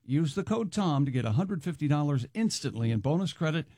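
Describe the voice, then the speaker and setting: Male co-host, slightly high voice, brisk upbeat sponsor read. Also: expressive, warm tone, dry recording, clean studio sound. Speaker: podcast co-host reading an ad.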